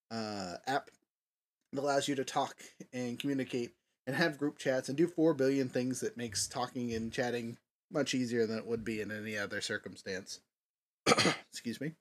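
A man hosting a casual tabletop gaming podcast, rambling with many fillers. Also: mid-range voice. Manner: rambling, filler-heavy, lively. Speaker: podcast host. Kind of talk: casual chat.

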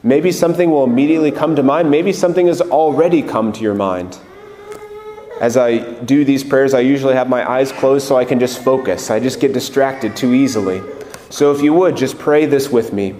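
A priest speaks to his congregation in a gentle, earnest, unhurried way. His voice sits at an ordinary middle pitch for a man. It rings through a large church with a long, roomy reverb and a faint hum of ambience behind it. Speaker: Catholic priest. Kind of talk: homily leading prayer.

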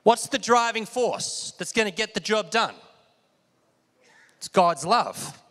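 A man's voice: sits high, lively intonation, slow, a bit bright. A man preaching a sermon with lots of energy, calling on the congregation to repeat after him. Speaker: pastor. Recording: long hall reverb.

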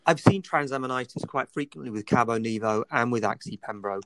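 A man's voice: mid-range voice, a little fast, a bit bright, no room sound. A man hosting an expert discussion, asking long, rambling questions. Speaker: host.

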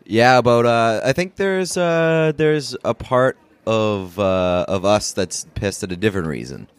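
A man's voice: fairly low pitch, animated, measured pace, smooth, no echo. A man co-hosting a casual sports podcast, laid-back and wry, chiming in with dry jokes. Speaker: podcast co-host.

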